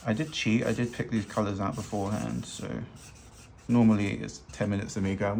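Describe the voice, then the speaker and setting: A man's voice: lowish voice, flat delivery, fairly quick, vocal fry, a little mellow, a little hiss or hum. A man teaching fashion illustration in a loose, chatty, self-deprecating way while he draws. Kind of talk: casual drawing tutorial narration. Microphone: hands-only overhead camera.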